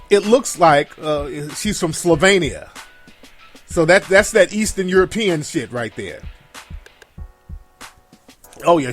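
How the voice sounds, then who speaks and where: A man hosting a live call-in show, ranting bluntly and with plenty of profanity. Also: high-pitched. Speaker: show host taking calls and chat. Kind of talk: casual live commentary.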